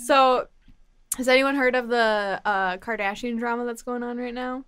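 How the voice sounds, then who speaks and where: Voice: medium pitch, steady tone, moderate pace, a bit bright, slight background noise. A woman co-hosting a podcast in casual chat, telling stories and laughing often. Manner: chatty storyteller, laughs often. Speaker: podcast co-host.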